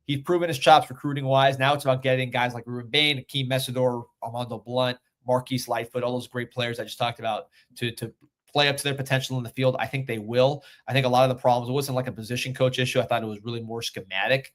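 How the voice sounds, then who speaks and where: A man hosting a live sports recruiting show, talking casually and excitedly, reading viewer comments and rankings aloud with plenty of fillers. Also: medium pitch, quick pace. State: a little out of breath. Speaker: sports recruiting livestream host.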